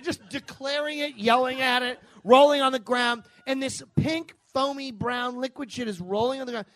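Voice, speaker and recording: A man telling a true comic story live, animated and profane, often laughing through his lines. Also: extremely high pitch, normal speed, hardly any pauses, dry recording.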